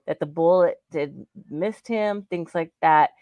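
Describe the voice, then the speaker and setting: A woman's voice: low voice, unhurried, mellow, no room sound. A woman co-hosting a podcast, delivering an indignant, emphatic rant and swearing freely. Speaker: podcast co-host. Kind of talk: angry on-air rant.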